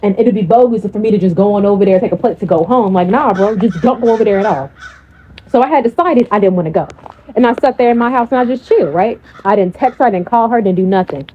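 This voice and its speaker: A woman's voice: medium pitch, fast, highs cut off, slight background noise. A woman coach speaking in a casual, blunt storytelling style, swearing freely.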